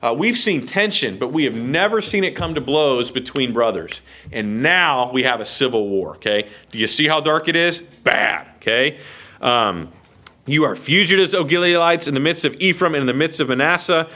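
With a fairly high voice at normal speed, an American man works through the Bible verse by verse, animatedly performing the quotations and checking that his listeners are okay.

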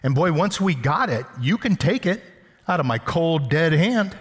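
A man's voice: on the high side, sing-song, normal speed, breathy edge, in a large hall. A man preaching a sermon as pastor, conversational and teasing, with everyday examples. He often repeats words and restarts. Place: church sanctuary.

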